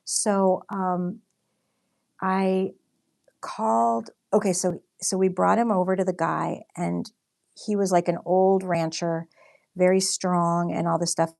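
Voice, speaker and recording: Woman, young adult, chatty livestream host, lowish voice, gravelly fry, lots of fillers. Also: flat delivery, slow pace, a little mellow. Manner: chatty storytelling, many fillers, reads out comments. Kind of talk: casual chat while painting on a livestream.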